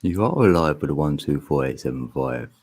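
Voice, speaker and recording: A man's voice: very deep voice, lively intonation, a little fast, darkish tone, husky. A man hosting a casual livestream, joking, rambling and laughing often, sometimes singing along loosely. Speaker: livestream host. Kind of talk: casual live stream chat.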